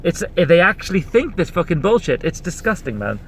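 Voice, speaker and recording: A man with a high-pitched voice rants heatedly and swears freely, circling back on his own points as he rambles. He talks from inside a moving car, with faint road noise underneath. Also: sing-song, fairly quick. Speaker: podcast host. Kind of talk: ranting monologue. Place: in a car while driving.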